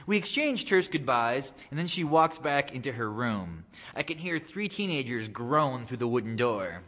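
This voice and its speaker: Wry author reading in a gallery. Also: male voice, medium pitch, moderate pace. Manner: wry, deadpan humor with animated dialogue. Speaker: guest author giving a reading. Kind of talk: reading his own essay aloud to an audience. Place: art gallery, live reading. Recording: long reverb of a gallery hall.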